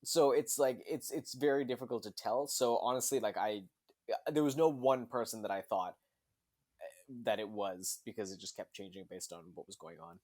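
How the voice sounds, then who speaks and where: A man co-hosting a podcast, talking casually about a movie, hesitant at first and then animated. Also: on the low side, moderate pace. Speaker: podcast co-host.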